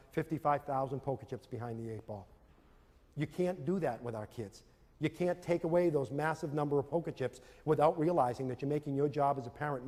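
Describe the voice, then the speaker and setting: A man giving a motivational lecture to parents and teachers, telling stories animatedly and acting out scenes. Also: fairly high pitch. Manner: animated storytelling, acts out scenes with audience volunteers. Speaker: speaker on self-esteem for parents and teachers. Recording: long reverb of a large hall.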